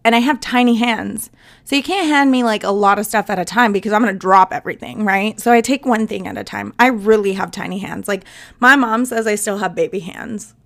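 A woman's voice: medium pitch, fairly quick. A young woman, a flight attendant hosting her own podcast, telling stories in a casual, chatty monologue and laughing as she acts out passengers.

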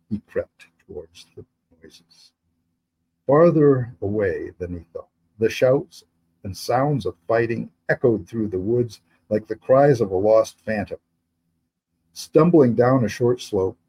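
A man reads his own historical fantasy novel aloud as narrator, steady and measured. His voice is mellow and dark, with a husky edge. He keeps an even middle pitch throughout. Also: low-quality recording. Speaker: author.

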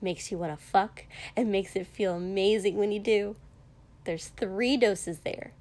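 A woman voicing Mina, a cheerful, blunt young woman who teases her friends, in a slow audiobook reading. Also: medium pitch, a little mellow, lightly acted.

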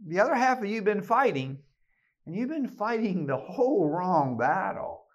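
A man's voice: high-pitched, big pitch swings, normal speed. Man preaching a fiery keynote sermon. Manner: emphatic, rallying, with many repeated word restarts. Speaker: keynote speaker and podcast host. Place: meeting room with an audience.

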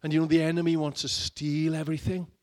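A middle-aged man preaching a sermon, dramatic and shifting between loud urging and hushed low lines. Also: flat delivery, quick pace. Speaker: pastor.

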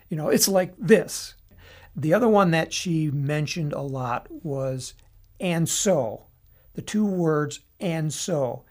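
A podcast host talking through an analysis on their own in a casual, explanatory way, with frequent restarts and asides. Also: medium pitch.

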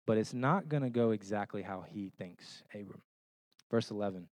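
A man giving a sermon as a pastor. He tells homey stories in an animated way and keeps checking in with rhetorical questions. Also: on the low side, moderate pace, dry recording. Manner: conversational, checks in with listeners through rhetorical questions; animated storytelling with homey illustrations.

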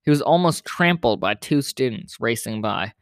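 Reading a children's story aloud, a man keeps a steady, plain storybook rhythm at a moderate pace. His voice sits in the middle range and is captured close and dry, with no echo or room sound behind it.

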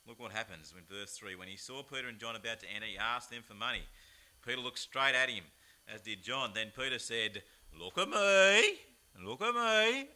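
Lively Australian man preaching. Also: on the low side. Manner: animated, chatty, with rhetorical asides. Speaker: pastor. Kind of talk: lively sermon.

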